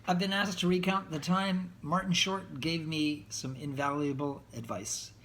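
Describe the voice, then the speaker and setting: A male rock musician telling a relaxed, rambling story, with fillers and quoted voices. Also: a little high, unhurried, a little hiss or hum.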